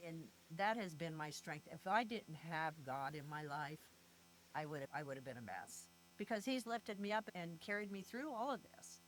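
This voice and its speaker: A woman's voice: low-pitched, animated, normal speed, a little hiss or hum, low-quality recording. An older retired woman speaking earnestly and from the heart in an interview, leaning on her faith and family. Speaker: grieving mother and guest.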